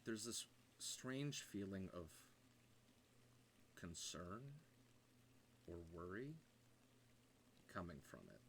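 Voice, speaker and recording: Deep-voiced guy running a tabletop game, slow and hushed, bright tone, faint hiss. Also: animated. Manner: slow, hushed scene-setting with fillers. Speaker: game master.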